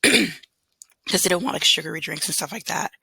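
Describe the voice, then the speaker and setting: A woman from Southern California chats casually about her work as a substitute teacher. Her voice is bright and slightly husky, and she rambles with plenty of fillers. The sound is dry and close. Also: lowish voice, moderate pace, no room sound. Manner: chatty, rambling, with fillers and throat clearing. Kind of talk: casual storytelling vlog.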